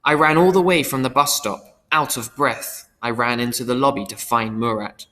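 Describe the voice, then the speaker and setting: A man reading a first-person audiobook, earnest and expressive. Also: mid-range voice, normal speed. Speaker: audiobook reader. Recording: long hall reverb.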